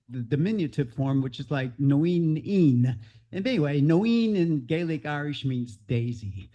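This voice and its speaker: A man's voice: fairly high pitch, a little mellow. A man leading a club meeting, telling a rambling, upbeat travel story in a casual way. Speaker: meeting leader.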